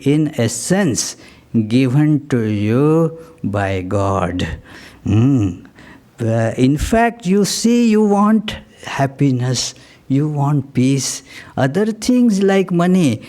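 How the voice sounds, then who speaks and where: A man giving a spiritual discourse, reflective and halting, with many pauses and fillers as he reads and explains poetry. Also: fairly high pitch, a little mellow. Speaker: monk giving a spiritual talk.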